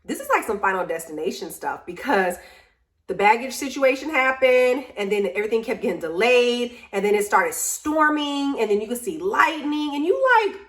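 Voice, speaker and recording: Tired woman vlogger, chatty and animated, complaining straight into a home camera. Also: fairly high pitch. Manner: animated storytelling, venting, drawn-out complaints. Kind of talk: casual chat to camera.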